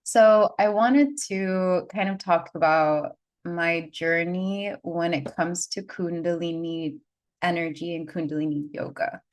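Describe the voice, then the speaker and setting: A woman in her thirties, a spiritual guide, telling her story in an unscripted, chatty way with lots of "like," and leading slow breathing cues. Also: on the low side. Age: 30s. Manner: chatty, filler-heavy, frequent "like". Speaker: spiritual guide and energy healer.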